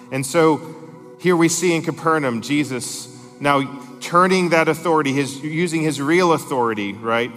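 A man delivers an emphatic sermon, reading scripture aloud and pressing each point with rising intensity. His mid-pitched voice rings out with a long reverb in a large church hall, while soft music plays faintly behind him. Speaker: preacher.

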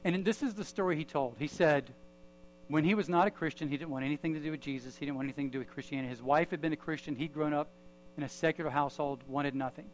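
A man's voice: on the high side, steady tone, slight background noise, rough recording. A man preaching a sermon as pastor, telling a story and leading a prayer in a church. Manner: storytelling with pauses, then prayer.

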